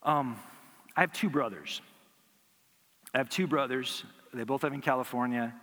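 A man's voice: mid-range voice, normal speed, a bit bright, in a large hall. A man preaching a sermon as pastor, teaching through rhetorical questions and acting out imagined replies.

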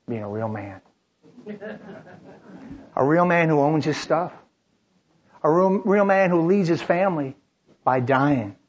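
A man's voice: fairly high pitch, breathy edge, lo-fi sound. A man preaching, telling a story in the third person in short dramatic lines with frequent restarts. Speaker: pastor. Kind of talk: sermon storytelling.

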